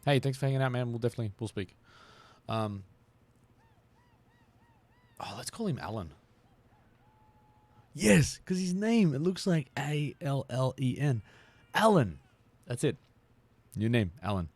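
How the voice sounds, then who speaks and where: A man's voice: medium pitch, sing-song, a little slow, pauses often, a little mellow, dry recording. A man, chatting casually on a live stream while he plays, often laughing and repeating words.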